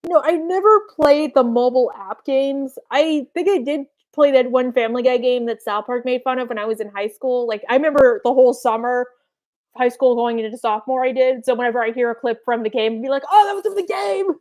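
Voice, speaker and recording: A young female streamer answers fan questions in a casual live Q&A, rambling along with plenty of fillers and quick quoted asides. Her voice is a little high and a little mellow, with a steady tone.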